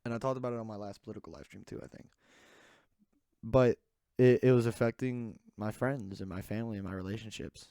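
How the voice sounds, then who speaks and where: A man's voice: on the low side, fairly even intonation, a little fast, dark tone, dry recording, clean studio sound. A man hosting a casual solo podcast, rambling with many fillers and restarts. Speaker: podcast host.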